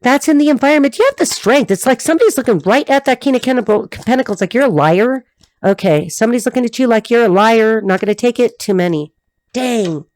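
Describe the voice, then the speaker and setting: A woman giving a tarot reading, talking in a blunt, rapid, repetitive stream of consciousness. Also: fairly high pitch, animated, darkish tone, no echo. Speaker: tarot reader.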